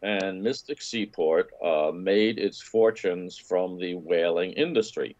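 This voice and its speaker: A man's voice: sits low, slow, a little mellow, dull audio. A man, a travel and food writer, talking casually in an interview, rambling with frequent restarts and enthusiasm over a video call. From New York area.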